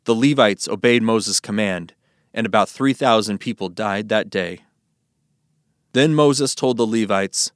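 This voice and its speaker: A man reading scripture aloud in a measured, solemn narration. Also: lowish voice, dry recording, studio quality. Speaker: scripture reader.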